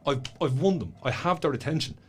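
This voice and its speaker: A man's voice: fairly high pitch, fairly quick, faint music behind. A man with a Dublin Irish accent, a guest telling stories in casual podcast chat, blunt and swearing freely. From Ireland. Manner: blunt, swears a lot, animated storytelling. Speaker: guest author and school speaker. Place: studio.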